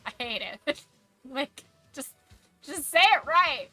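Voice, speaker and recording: A woman's voice: high-pitched, animated, slow pace, pushed and bright, no room sound, faint music behind. A woman streamer chatting casually while gaming, opinionated and ranting, swearing freely.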